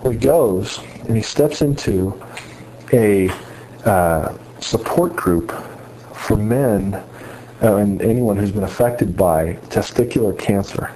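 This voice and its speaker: A man's voice: fairly low pitch, takes it slowly, warm tone, slight background noise, low-quality recording. A man giving an earnest sermon-style talk to students, retelling a story with many restarts. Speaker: speaker addressing students on faith.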